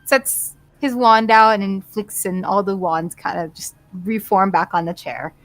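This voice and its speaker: A woman narrating a tabletop role-playing game as game master, unhurried and hesitant, with many fillers and small laughs. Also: mid-range voice, fairly bright tone.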